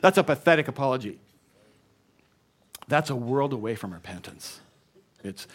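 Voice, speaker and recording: Rich: An animated man preaching a sermon, his pitch sitting in an ordinary middle range. He breaks off to act out excuses and weak apologies, then leads the congregation in call and response. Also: normal speed, pauses often. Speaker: pastor. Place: church.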